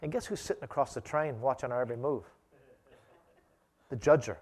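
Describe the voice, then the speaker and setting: A man's voice: mid-range voice, brisk, darkish tone, slightly rough. A man preaching a sermon, telling stories in an emphatic, conversational way with frequent repetitions. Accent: non-local accent, not Australian. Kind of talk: sermon with personal storytelling.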